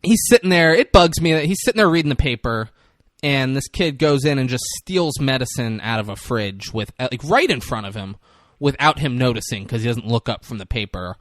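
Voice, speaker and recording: Animated man recapping a movie. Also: mid-range voice, no room sound, clean studio sound. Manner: animated retelling with quick voice shifts. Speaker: podcast co-host. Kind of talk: casual movie recap chat.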